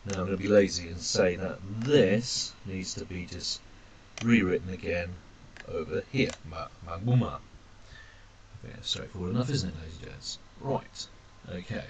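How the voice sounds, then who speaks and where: Man, language teacher, chatty, low voice, faint background noise. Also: moderate pace. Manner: chatty, self-deprecating, addresses "ladies and gentlemen". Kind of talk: screencast lesson, drawing characters.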